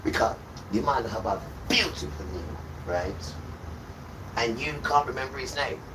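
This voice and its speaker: Brief: male livestreamer, preachy and scolding, hurls insults on repeat, mid-pitched voice, mic set well back with heavy background noise. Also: lively intonation, unhurried, far from the mic. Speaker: livestream host. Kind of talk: ranting sermon-like monologue.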